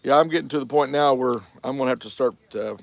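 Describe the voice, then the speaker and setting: A man's voice: mid-range voice, quick pace, gravelly. A man hosting a casual livestream, telling folksy stories and laughing often. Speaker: livestream host. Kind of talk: casual chat reading live chat.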